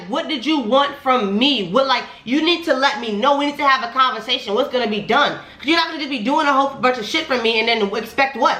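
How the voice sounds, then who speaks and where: A young woman rants through a storytime in a bright, forceful voice that keeps climbing higher as she gets heated. She swears freely and talks animatedly. The room is echoey, with faint music playing underneath. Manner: profane, animated, voice rising when heated. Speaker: vlogger telling a storytime.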